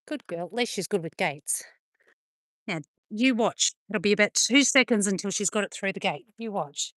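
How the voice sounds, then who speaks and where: A woman's voice: mid-range voice, moderate pace, a bit bright, no room sound. A woman vlogging outdoors on a farm, chatting playfully and teasing her dogs. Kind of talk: casual chat to camera and to her dogs.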